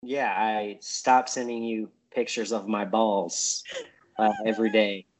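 A man's voice: lowish voice, flat delivery, a little slow, poor audio. Joking man in crude podcast banter. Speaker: podcast co-host. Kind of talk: casual banter.

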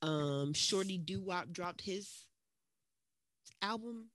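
A woman co-hosting a casual podcast, talking in an animated, rambling way with teasing and swearing. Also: lowish voice, slow. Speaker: podcast co-host. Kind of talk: casual chat. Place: at home in another city from her co-host.

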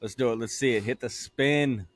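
A man's voice: mid-range voice, normal speed, no echo. A young man co-hosting a casual podcast, loose, joking and swearing freely. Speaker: podcast co-host.

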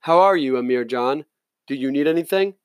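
A man's voice: medium pitch, brisk, clear, resonant tone, no room sound, clean studio sound, natural voice. Man doing older general, formal, courteous, kind, audiobook reading.

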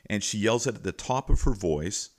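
A middle-aged man hosts a teaching podcast and spins a personal anecdote. His voice is low and deep, and he tells the story in a lively, folksy manner with plenty of asides to the listener. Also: moderate pace. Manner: animated, folksy retelling with repeated asides.

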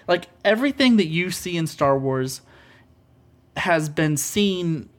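A man's voice: on the high side, animated, takes it slowly. A man co-hosting a podcast, chatting casually about films in an earnest, rambling way with many fillers. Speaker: podcast co-host.

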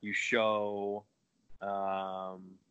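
Low-voiced rambling wrestler guest. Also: male voice, completely flat delivery, drawn-out words, pushed and bright, clean tone, dull audio. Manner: rambling, profane, laughs at himself. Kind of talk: casual chat.

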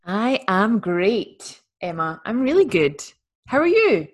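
A woman's voice: mid-range voice, takes it slowly. Playful young woman podcast co-host. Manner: animated, playful, laughs while talking. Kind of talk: casual chat. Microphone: video call.

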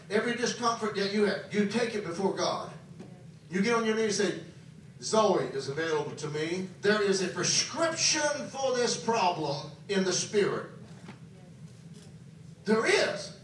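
A man preaching a sermon at a camp meeting, speaking emphatically and often asking the congregation whether they are following. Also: high-pitched. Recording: very echoey, from a distance, faint noise.

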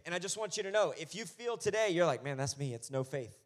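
A male pastor preaching a conversational sermon that builds into loud, fervent passages. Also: on the high side, animated, quick pace.

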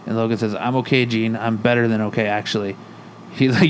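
A man's voice: on the low side, fairly even intonation, a little fast, a little hiss or hum. Man casually recapping a comic plot. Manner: retells the plot, reading character lines in his own voice. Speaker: podcast co-host.

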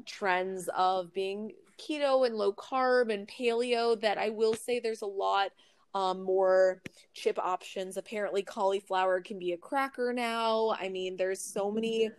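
A woman's voice: mid-range voice, steady tone, a little slow, clean tone. A young woman, a podcast guest, giving earnest food advice in a casual chat, with some fillers. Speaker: podcast guest, nutrition creator.

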